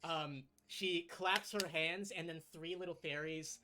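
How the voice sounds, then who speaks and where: A man narrating as game master of a tabletop game in a relaxed, chatty way. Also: a little high, unhurried.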